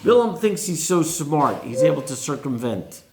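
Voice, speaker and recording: A man's voice: fairly high pitch, very animated, normal speed, slight background noise. A man, a rabbi, giving a sermon and posing rhetorical questions to his listeners. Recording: roomy echo.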